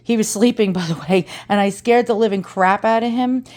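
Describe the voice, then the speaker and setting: A woman's voice: mid-range voice, brisk, darkish tone. A woman with an East Coast American accent, talking in a chatty and dramatic way in a casual unboxing vlog, swearing freely. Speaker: antiques reseller vlogger.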